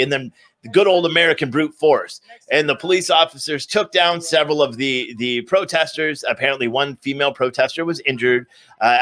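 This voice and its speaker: A man's voice: mid-range voice, sharp tone. A man live-streaming, giving a sarcastic, ranting commentary recap to his viewers. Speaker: livestream commentator.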